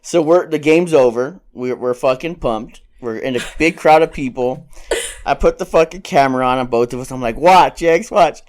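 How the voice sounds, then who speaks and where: A young man co-hosting a podcast in casual chat, telling a funny story with swearing and laughter and acting out shouts. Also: medium pitch, normal speed. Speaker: podcast co-host.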